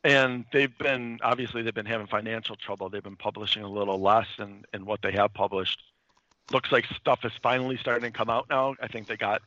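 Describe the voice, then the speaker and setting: A man in casual conversation, rambling through a story with lots of ums and restarts. His voice is fairly low and bright, and the dry recording sounds a little dull and lo-fi. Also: fairly even intonation, fairly quick, dry recording. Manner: rambling, many fillers and restarts. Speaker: comics podcast co-host. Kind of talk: casual chat, retelling a comic's plot.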